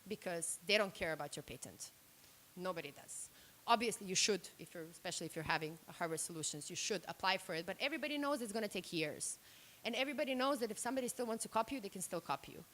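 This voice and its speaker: A woman from Serbia and Slovenia giving a workshop talk at a microphone, direct and animated, acting out the reactions she quotes. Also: medium pitch, rapid-fire, slight background noise. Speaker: workshop speaker. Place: room. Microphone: handheld microphone.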